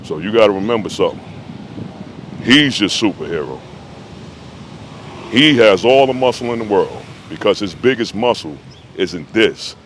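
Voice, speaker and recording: A man, a fitness trainer, telling a motivational story in a conversational, animated way. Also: lowish voice, moderate pace, long pauses, a little hiss or hum.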